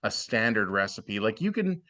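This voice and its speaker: Man, podcast guest, low voice, blunt plainspoken advice, casual chat. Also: big pitch swings, moderate pace, sharp tone. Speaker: podcast guest, former cooking show contestant.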